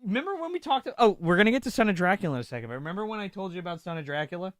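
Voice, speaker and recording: A man's voice: high voice, big pitch swings, racing, dry recording, studio quality. A man co-hosting a casual livestream, talking in a loose, rambling, enthusiastic way. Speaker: podcast co-host.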